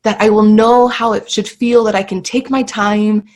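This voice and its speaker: A woman's voice: mid-range voice, level tone, normal speed, darkish tone. A woman in her thirties, a podcast guest telling her own story in an earnest, heartfelt way with many fillers. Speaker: guest sharing birth story.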